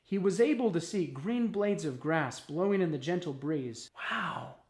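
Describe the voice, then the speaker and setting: A man narrating a children's storybook expressively, with dramatic pauses. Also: fairly high pitch, darkish tone.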